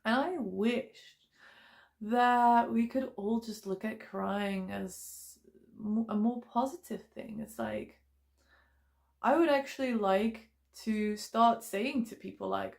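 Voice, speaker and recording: A woman's voice: fairly high pitch, animated, slow, gravelly, darkish tone. A young woman vlogging to camera in casual personal talk, chatty and emotionally open, with many fillers.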